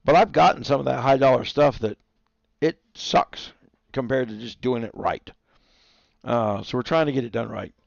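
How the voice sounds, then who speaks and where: A man's voice: medium pitch, normal speed, gravelly, no echo, muffled recording. A man streaming and casually rambling through a funny story to his viewers. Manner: rambling storyteller, chuckling, talks to his dogs. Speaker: livestreamer.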